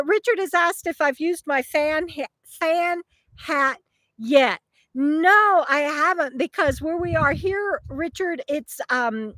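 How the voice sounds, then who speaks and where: A woman's voice: high voice, no echo. A middle-aged woman, chatting casually outdoors by a wooded river while reading viewer comments, rambling with many fillers and laughs. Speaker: channel host.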